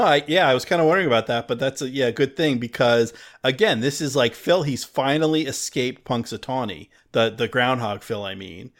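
A man co-hosting a casual film discussion, musing out loud with hesitant restarts. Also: medium pitch. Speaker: podcast co-host.

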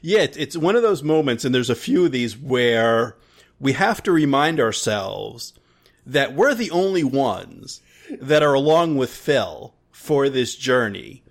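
A man with a mid-range voice co-hosts a podcast in casual chat. He rambles, restarts his sentences often and laughs along the way. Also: mid-range voice. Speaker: podcast co-host.

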